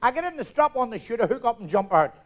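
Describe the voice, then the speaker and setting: This is a middle-aged man doing live stand-up. He speaks in a high, lively voice and delivers quick, brash punchlines. He slips into each character as he tells the joke. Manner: rapid-fire punchlines, loud and brash, acts out characters. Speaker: stand-up comedian. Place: theatre stage, audience laughter.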